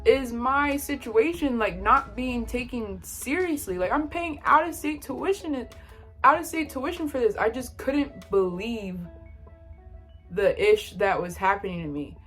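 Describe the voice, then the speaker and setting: A woman's voice: a little high, a little slow, a bit bright. Young woman venting a storytime, slangy and fed up, faint music behind. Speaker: vlogger. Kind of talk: casual storytime.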